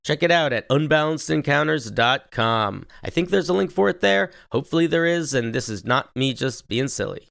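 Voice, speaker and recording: A man's voice: fairly high pitch, lively intonation, moderate pace, gravelly, few pauses, a bit bright, no echo, clean studio sound. A man hosting a tabletop game podcast, narrating scenes and reading announcements in an upbeat, chatty way. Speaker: game master and host.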